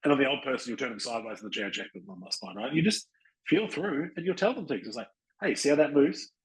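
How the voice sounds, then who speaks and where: An Australian man hosting a podcast, giving casual, blunt coaching advice and acting out quick exchanges with people. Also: medium pitch, lively intonation, a bit bright, poor audio. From Western Australia. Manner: blunt, chatty, acts out little dialogues with people. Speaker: podcast host and chiropractic practice coach.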